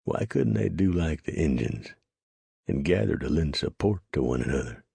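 A man narrating a western audiobook in a steady, measured storytelling manner. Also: very deep voice, creaky, husky, no echo.

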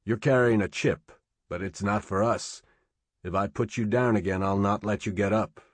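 Man voicing a quiet, calm big older man. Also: fairly low pitch, moderate pace, no room sound, natural voice.

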